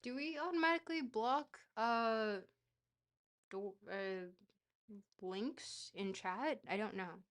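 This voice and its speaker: A woman's voice: fairly high pitch, slow pace. A woman streamer chatting casually while playing a geography game, rambling and joking with a bit of casual swearing.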